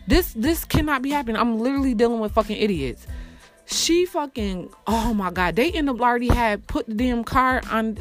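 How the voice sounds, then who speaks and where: Brief: woman, angry storytime vlog, profane and exasperated, big jumps between shouts and low mutters, soft music behind. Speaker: single mother telling a personal story.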